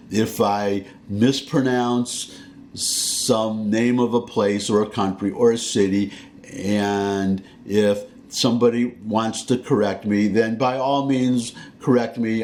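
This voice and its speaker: A man with a Southern American accent talks to camera in a slow, unhurried drawl. His voice sits fairly low, and his folksy talk keeps circling back on itself. A faint hum runs under the recording. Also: a little mellow. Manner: rambling, self-correcting, folksy. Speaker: vlogger. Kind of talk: casual talking-head monologue.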